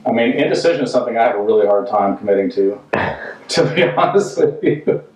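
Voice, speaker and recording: A man on a home renovation job site, chatting casually and rambling through deadpan, self-mocking jokes. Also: fairly low pitch, a little fast. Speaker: contractor and vlog host. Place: house under renovation, indoors. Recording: roomy, distant, dull sound.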